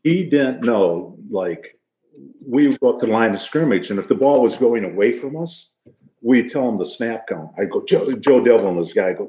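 A medium-pitched, dark-toned voice belongs to an older man, a retired football player guesting to share humorous tales from his career. He's animated and keeps a moderate pace, joking and laughing throughout. The audio is poor and echoey.

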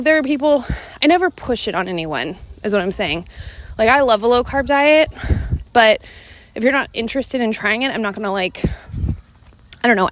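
A woman from Seattle records her podcast while out on an evening walk, a little short of breath as she goes. She chats casually and rambles, dropping "like" into almost every thought. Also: fairly high pitch. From Seattle, Washington, USA. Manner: chatty, rambling, many "like" fillers. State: slightly out of breath. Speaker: podcast host and fitness coach. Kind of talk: casual solo podcast chat.

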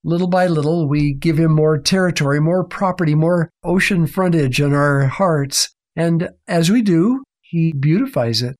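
A man's voice: fairly high pitch, moderate pace, few pauses. A middle-aged man telling a faith story in an interview, acting out the people he quotes. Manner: animated storyteller, acts out quoted voices. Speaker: author and guest.

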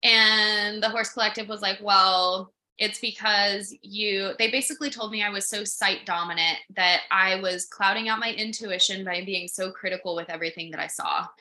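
Young woman podcast cohost, bright voice, rambling animated storytelling, lots of "like". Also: mid-range voice. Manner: animated storytelling with many likes and quoted asides. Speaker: podcast co-host. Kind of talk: casual chat. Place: her home.

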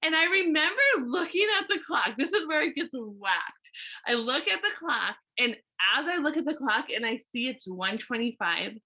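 A woman hairstylist telling a story in casual chat, animated and full of "like" and restarts. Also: high-pitched, moderate pace, slightly rough.

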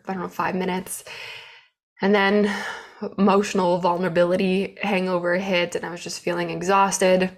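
Candid woman sharing business struggles. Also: fairly low pitch. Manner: open, emotional, animated storytelling. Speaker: business owner. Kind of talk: candid personal vlog.

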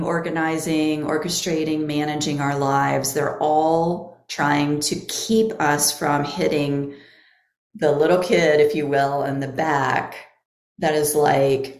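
A woman on a podcast, a therapist explaining inner parts in a slow, thoughtful way. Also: low voice, darkish tone, echoey room. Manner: explaining slowly with therapy terms. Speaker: guest therapist. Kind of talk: podcast conversation.

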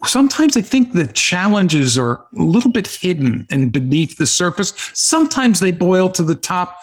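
A man hosting a podcast, asking his guest measured, earnest questions. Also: sits high, sing-song. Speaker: podcast host. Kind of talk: interview questions.

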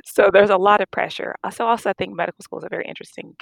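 A middle-aged woman doctor casually recounting stories in an interview, animated and laughing as she acts out dialogue. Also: medium pitch, rapid-fire, vocal fry, no echo. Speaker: guest, physician.

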